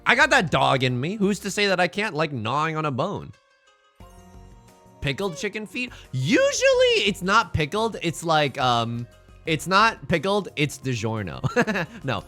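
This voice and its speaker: A young man streaming a mahjong game, chatting casually and joking with playful, drawn-out emphasis. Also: on the high side, huge pitch swings, sharp tone, faint music behind. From China. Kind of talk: casual live-stream commentary while playing mahjong.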